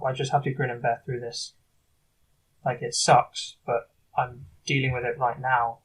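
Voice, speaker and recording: Husky man rambling in a video diary. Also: medium pitch, recorded from a distance, rough recording. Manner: halting, rambling, many restarts. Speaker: video diarist.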